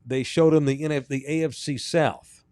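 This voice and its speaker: A man's voice: fairly high pitch, steady tone, moderate pace, a little mellow, no echo, clean studio sound. A man from North Texas, hosting a casual sports podcast and ranting emphatically as he tells stories. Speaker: podcast host.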